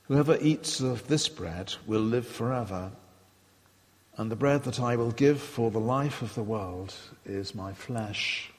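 A man giving a sermon, retelling and quoting scripture in a measured, reflective way. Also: mid-range voice, long reverb tail. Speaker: preacher.

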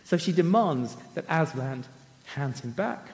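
A man's voice: a little high, animated, a little slow, darkish tone, big-room sound. Man retelling a story dramatically. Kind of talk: storytelling talk.

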